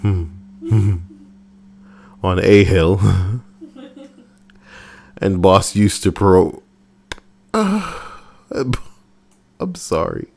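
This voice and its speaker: A man's voice: low-pitched, lively intonation, extremely slow, gravelly, long pauses, darkish tone. A man casually reading online stories aloud on a live stream, swearing freely, laughing and breaking off to riff between lines.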